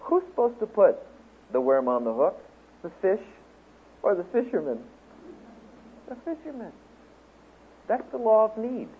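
A man speaking at a Bible teaching seminar, telling a story and then lecturing to a class in an animated way, acting out the quotes. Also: sits high, moderate pace, husky. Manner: animated storyteller, acts out quotes, laughs along. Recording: tinny phone-like lo-fi recording.

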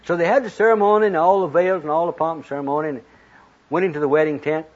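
Husky-voiced preacher telling a folksy sermon. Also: male voice, on the high side, quick pace. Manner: folksy, retells scripture in plain talk with lively quoted voices. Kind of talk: storytelling sermon. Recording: dull lo-fi recording.

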